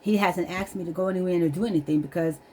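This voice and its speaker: Vlogger, woman, middle-aged, low voice, earnest and emotional, near tears, faint background noise. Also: rapid-fire, dark tone. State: holding back tears. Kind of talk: candid personal testimony to camera.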